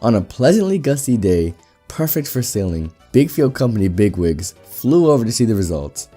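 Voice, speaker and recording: A man narrating a reddit story aloud in a brisk storytelling manner. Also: on the low side, big pitch swings, mellow, faint music behind. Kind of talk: reading reddit stories aloud.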